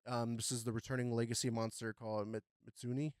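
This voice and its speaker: A young man hosting a podcast, chatting casually about gaming news with a relaxed, rambling delivery full of fillers. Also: mid-range voice, quick pace, smooth, no room sound, studio quality. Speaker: podcast host.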